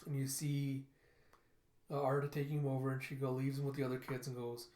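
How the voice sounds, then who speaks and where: A man's voice: mid-range voice, monotone, a little fast, a little mellow. A man casually reading through and recapping a comic book, narrating each panel with "and he goes.". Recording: roomy echo.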